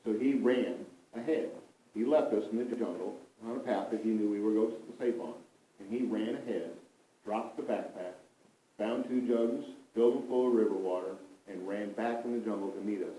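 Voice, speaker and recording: A man recounting a mission trip story to a group, with animated, emphatic storytelling that often repeats itself. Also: lowish voice, moderate pace. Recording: roomy, from a distance.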